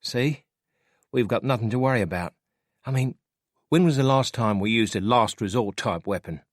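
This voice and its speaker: A man's voice: mid-range voice, lively intonation, moderate pace, dry recording, studio quality, natural voice. A man voicing a big, nervous young man from New Zealand who complains a lot, with a New Zealand accent.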